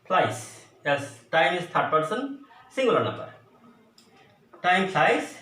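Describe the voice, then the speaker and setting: Guy teaching english grammar, high lively voice, slow, echoey room, mic kinda far. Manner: slow, deliberate explaining with repeated examples. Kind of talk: grammar lesson at a board. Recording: echoey room, voice from a distance, faint noise.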